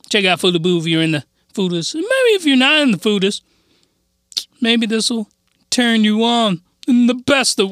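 High, bright-voiced rambling vlogger man. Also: no echo. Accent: put-on fake accent. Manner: rambling, self-interrupting, playing a mock persona. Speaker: video reviewer. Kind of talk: casual joking review vlog.

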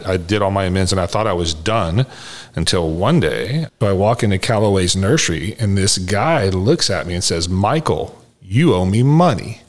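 Man, very low voice, podcast host, casual storytelling, acts out quoted dialogue.

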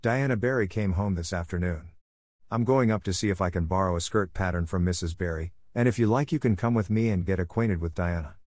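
A man's voice: sits low, a little mellow, dry recording, clean studio sound. A man doing a stern, scolding older woman. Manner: brisk, scolding.

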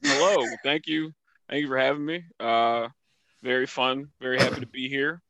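A man in his thirties, a guest comedian from Philadelphia, telling animated stories in casual podcast chat. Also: moderate pace, creaky, no echo. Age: 30s. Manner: animated storyteller, high put-on voices in anecdotes.

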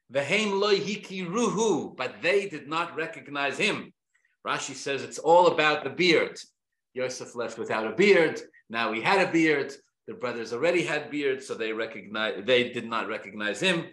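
A man's voice: fairly high pitch, fairly bright tone. A man giving a Torah class, reading Hebrew verses aloud, then translating and explaining them, and repeating key phrases for emphasis. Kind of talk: Torah lesson. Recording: echoey room.

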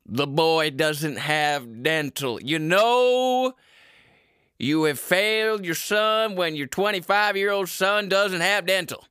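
A man voicing a gruff, old-fashioned middle-aged father who scolds in a low folksy drawl. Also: takes it slowly, sharp tone, no room sound, clean studio sound, exaggerated voice. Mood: scolding.

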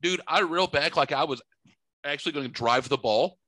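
A middle-aged man hosting a casual chat, telling rambling, profane, animated stories from his home studio. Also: a little high, a little fast, no echo. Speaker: podcast host.

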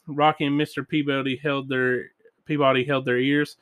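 A man's voice: mid-range voice, flat delivery, moderate pace, clear, resonant tone, no room sound, studio quality. Man reading a children's storybook. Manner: gentle read-aloud with sound effects and little voices. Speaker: reader of children's books.

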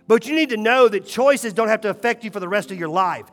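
Man, pastor, sermon, high voice, hushed to emphatic, long church reverb. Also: expressive, soft background music. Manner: swings between hushed, slow moments and rising, emphatic calls.

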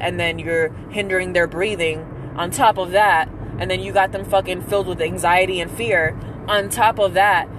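A young woman, a mother, ranting angrily with heavy swearing in a casual vlog. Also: fairly low pitch. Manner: angry, profane, emphatic ranting. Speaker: mother venting. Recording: noisy street background.

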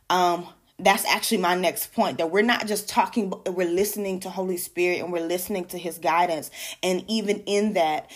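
A woman teaching a sermon on prayer in an earnest tone, repeating key phrases for emphasis and correcting her own slips openly. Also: mid-range voice.

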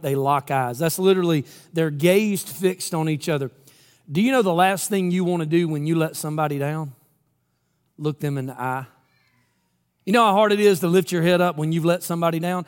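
A man from Georgia, preaching a sermon in a storytelling way and acting out the quoted lines. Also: on the high side. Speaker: pastor. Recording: long hall reverb.

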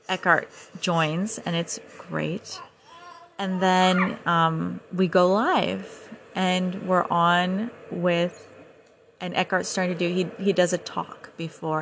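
A young woman hosts a casual podcast, retelling an event with lively, breathless energy. Her voice sits a little low, and she keeps acting out her own reactions. A faint background hiss runs under the recording. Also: slow. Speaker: podcast host. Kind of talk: casual storytelling monologue.

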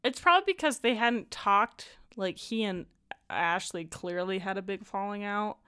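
A woman's voice: mid-range voice, normal speed, clean tone. A woman co-hosting a casual chat, recapping a film with lots of laughs and acted-out lines. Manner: animated, laughs often, acts out lines. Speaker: podcast co-host.

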